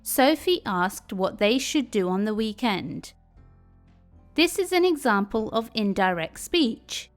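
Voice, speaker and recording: Slow, lively woman teaching English. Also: fairly high pitch, soft background music. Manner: clear, careful explanation. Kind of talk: scripted lesson narration.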